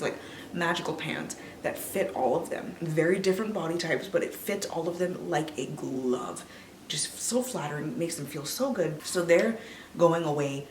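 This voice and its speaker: A young woman in her twenties, a book vlogger, ranting casually about films in an animated, swearing way while a little tipsy. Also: low-pitched, a little hiss or hum. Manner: animated, swearing, drops to whispers. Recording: echoey room, mic a bit distant.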